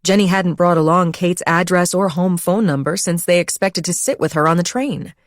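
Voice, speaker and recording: Low-voiced woman reading a thriller. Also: dry recording, clean studio sound. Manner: steady, measured reading. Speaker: audiobook narrator. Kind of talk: scripted narration.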